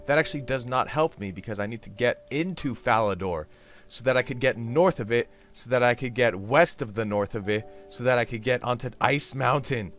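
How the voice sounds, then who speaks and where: Faint music plays behind this man's brisk, fairly bright mid-range voice. Hosting his own game channel, he keeps up rambling comedic commentary as he plays, goofy and jokey, with sudden bursts of silly voices.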